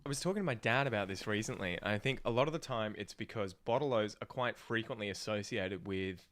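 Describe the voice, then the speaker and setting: A man's voice: fairly low pitch, fairly quick, fairly bright tone. A young adult man with an Australian accent, chatting casually on a stream and explaining local slang. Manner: explains slang with playful put-on phrases. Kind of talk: casual chat.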